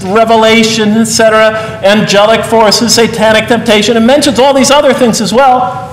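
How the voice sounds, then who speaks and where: A middle-aged man delivers a lecture to a crowd, pressing his points with earnest rhetorical questions and dry humor. His voice sits a little high for a man. The sound carries a long reverb from a large hall. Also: slight background noise. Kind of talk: public lecture.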